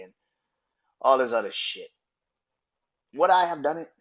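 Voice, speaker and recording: A man's voice: mid-range voice, moderate pace, pauses often, muffled recording. Profane, heated male podcast ranter. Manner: profane, animated, emphatic. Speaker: podcast host. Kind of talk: opinionated solo podcast rant.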